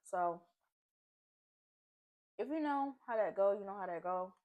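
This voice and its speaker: At home over a seafood boil, a chatty woman shares a story from her own life, loose and animated, in a mid-range, slightly slow voice. Asides and fillers pepper her talk, and she keeps checking in with whoever's listening.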